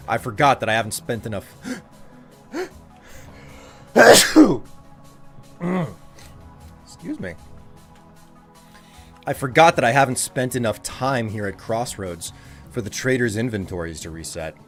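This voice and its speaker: A man's voice: on the low side, expressive, moderate pace, soft background music. A man streaming a video game live, chatting playfully with his viewers and putting on mock outrage at them. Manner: playful, mock-indignant, talks to chat.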